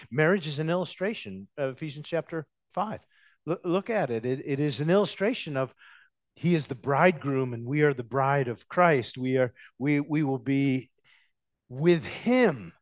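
A man preaching an expository sermon as a pastor, animated and emphatic, with sudden loud stresses and slowly drawn-out words. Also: fairly high pitch, no echo.

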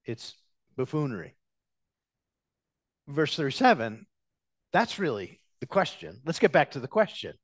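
A male pastor delivering a sermon in a somewhat high voice. He preaches with animated emphasis, leaning hard on key words and stretching some of them out slowly. The sound is dry and close, with almost no room around it. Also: dry recording. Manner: animated, emphatic preaching with sudden loud stresses and drawn-out words. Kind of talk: expository sermon.

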